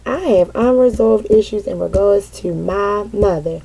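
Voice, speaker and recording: A middle-aged mother telling a candid, casual personal story, animated and peppered with cursing. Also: medium pitch, normal speed, creaky, few pauses, husky, poor audio. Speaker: mother sharing parenting experience.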